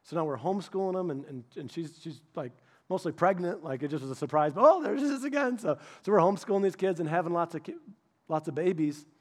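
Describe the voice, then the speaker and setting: Man, middle-aged, pastor, sermon, higher voice, animated storytelling, restarts, joking. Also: fast talker.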